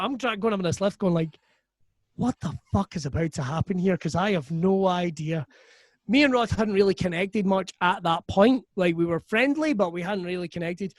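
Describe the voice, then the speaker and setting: A Scottish man, a comedian guest, telling stories in a profane, animated way on a podcast. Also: high voice, a little fast, dry recording. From Scotland. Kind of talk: casual storytelling chat.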